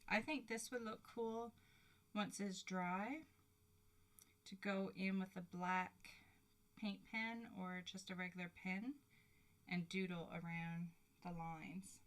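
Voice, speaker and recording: Giggly woman, slow-talking. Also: medium pitch. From Canada. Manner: excitable, giggly, chatting to viewers. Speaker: craft livestream host. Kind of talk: live crafting demo chat.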